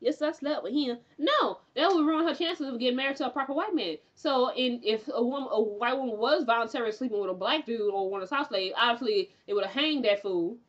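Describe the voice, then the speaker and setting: A woman's voice: a little high, fast, few pauses, dull audio. Chatty woman recapping a TV episode. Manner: chatty, animated, lots of fillers, laughs while retelling. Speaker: TV recap reviewer.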